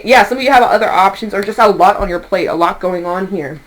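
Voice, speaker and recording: A woman's voice: mid-range voice, fairly even intonation, a little fast, hardly any pauses, a little hiss or hum, rough recording. A woman giving a casual tarot reading, chatty and reassuring, laughing now and then and swearing lightly. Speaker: tarot reader.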